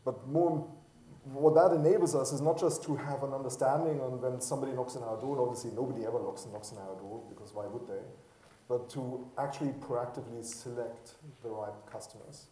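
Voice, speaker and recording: A man's voice: mid-range voice, brisk, dark tone. A man speaking as an executive on a conference panel, chatty and self-deprecating, with many fillers and restarts. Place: conference hall. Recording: roomy panel hall from far off.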